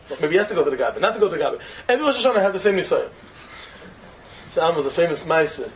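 A man giving an informal religious talk before the holiday, animated and switching between Hebrew and Yiddish terms, building up to emphatic peaks. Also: a little high, very fast, crowd noise, poor audio. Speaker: religious speaker.

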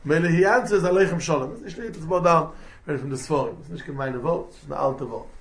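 A man giving a lively Talmud class, mixing in Yiddish and Hebrew terms and acting out the quotes. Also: on the high side, fairly quick, echoey room. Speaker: Talmud teacher.

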